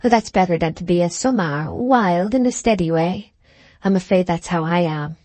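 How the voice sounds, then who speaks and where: A woman's voice: fairly low pitch, animated, moderate pace, darkish tone, dry recording, lightly acted. A woman voicing a proud, passionate young woman farmer in an audiobook, speaking in heightened, emotional period dialogue. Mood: pleading.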